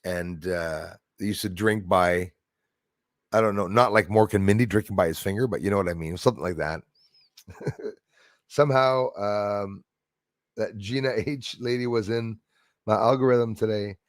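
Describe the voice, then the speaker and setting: A man's voice: lowish voice, normal speed, pauses often, no room sound, clean studio sound. A man hosting a live stream, chatting casually, laughing easily and thanking viewers by name. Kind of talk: casual chat reading viewer comments.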